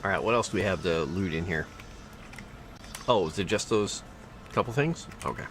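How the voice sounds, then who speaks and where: A man's voice: low voice, normal speed, a bit bright, a little hiss or hum. A man streaming a video game, chatting casually with viewers, reading out loot and skill text and teasing his chat. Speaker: livestreamer. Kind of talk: casual gameplay commentary.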